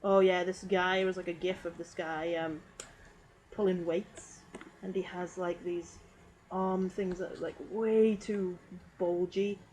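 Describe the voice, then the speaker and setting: A woman's voice: lowish voice, measured pace, poor audio. A woman streamer giving casual meme review commentary, rambling and giggling with lots of fillers. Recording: steady background noise.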